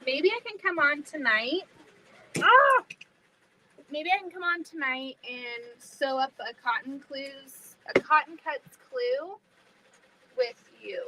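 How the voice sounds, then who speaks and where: A woman's voice: high voice, unhurried, background noise. A woman hosting a casual sewing livestream, chatting to viewers and thinking aloud as she cuts fabric. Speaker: livestream host.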